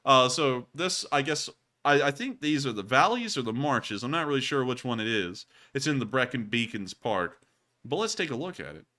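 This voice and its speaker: A man's voice: medium pitch, sing-song, normal speed, sharp tone. A man hosting a live stream, answering viewer messages in loose, rambling casual talk full of fillers. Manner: rambling, filler-heavy, repeated sign-offs. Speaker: host.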